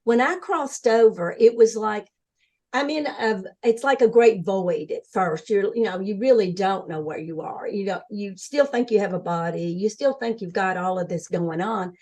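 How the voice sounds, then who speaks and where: An older woman as an interview guest, telling her story in an earnest, animated way and acting out what others said. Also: medium pitch, moderate pace. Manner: earnest, animated storytelling, acts out quoted voices. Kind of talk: conversational interview.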